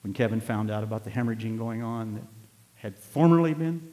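An older man preaching a sermon, telling folksy stories and rising into loud, emphatic passages. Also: lowish voice, fairly quick. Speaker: pastor. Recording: long hall reverb.

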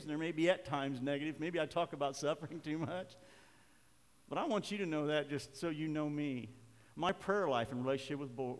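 An older male pastor preaching a sermon, telling a personal story with emotion and soft laughs. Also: mid-range voice. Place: church sanctuary. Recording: reverberant church hall.

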